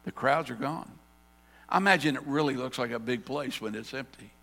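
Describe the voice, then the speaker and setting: A male pastor preaching a sermon, telling the story dramatically and swinging between loud and hushed. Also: mid-range voice, a little fast, vocal fry, long reverb tail. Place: church sanctuary.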